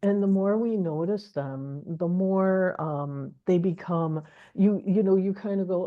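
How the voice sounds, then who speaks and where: A woman's voice: lowish voice, a little slow. A woman co-hosting a casual spiritual talk, telling stories with laughter and acted-out inner voices. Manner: animated storyteller, laughs often, acts out inner voices. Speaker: co-host of a spiritual wealth course. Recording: dull lo-fi sound.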